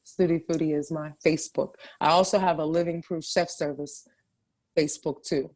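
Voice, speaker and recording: Woman, chef, podcast guest, lower voice, animated, emphatic. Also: moderate pace. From Ohio, USA. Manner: animated, restarts often, emphatic. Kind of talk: casual interview chat.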